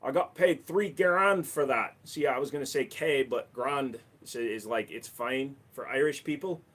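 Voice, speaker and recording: A man's voice: mid-range voice, a little slow, fairly bright tone. A man hosting a casual livestream, reading chat messages aloud and answering with crude jokes. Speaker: livestream host.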